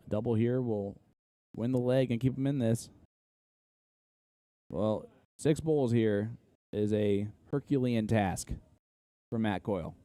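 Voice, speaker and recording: A man's voice: fairly low pitch, takes it slowly, pauses often, warm tone. A man from Indiana with an Indiana accent giving casual, analytical play-by-play commentary on a live darts match.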